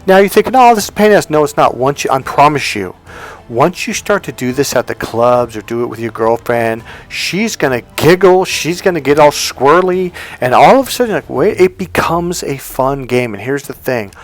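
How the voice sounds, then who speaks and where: A man's voice: medium pitch, expressive, moderate pace. Emphatic man coaching on dating. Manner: emphatic, repetitive, acts out examples. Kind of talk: casual monologue to camera.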